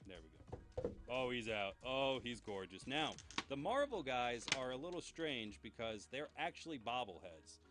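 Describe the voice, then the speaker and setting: A man's voice: mid-range voice, big pitch swings, normal speed. Chatty enthusiastic male host. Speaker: host of a pop culture news show. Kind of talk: casual solo show.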